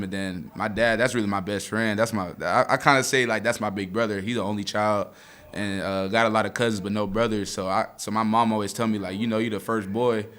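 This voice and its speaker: A man's voice: fairly low pitch, fairly bright tone. A young man in his twenties, a college football player, talking after a game in a casual, heartfelt way, choked up and near tears, often saying "man". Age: 20s. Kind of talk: emotional postgame interview.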